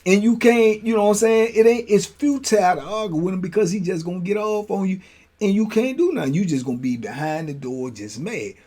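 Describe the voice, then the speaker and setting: A man tells a jailhouse story in a loose, animated style, dropping slang and checking in with "you know what I'm saying" again and again. His voice sits a little high for a man, and he breaks into laughs easily. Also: a little fast. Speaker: host telling prison stories. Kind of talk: casual storytelling.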